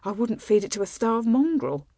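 A woman's voice: a little high, very animated, normal speed, dark tone, no echo, voice pushed up. A blunt young warrior woman sneers at the food in a raised voice, as a woman reads her. The storybook voice is dry and close to the mic. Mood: disgusted. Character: scornful young female warrior, blunt and mocking.

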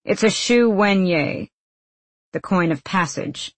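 A woman voicing a cool young male gang leader who gives clipped, measured orders in a storybook reading. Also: mid-range voice, lively intonation, no room sound.

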